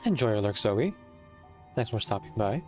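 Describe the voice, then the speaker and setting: A man's voice: lowish voice, very animated, normal speed, faint music behind. A man streaming a game, chatting casually and rambling with many fillers.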